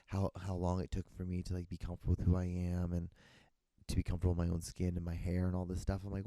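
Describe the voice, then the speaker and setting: A young man rambles through a casual solo podcast, swearing freely and acting out what others said. His voice is low, dark and gravelly. It sounds close and dry, with no room echo. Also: monotone, quick pace. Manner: rambling, swears a lot, acts out quotes. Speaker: podcast host.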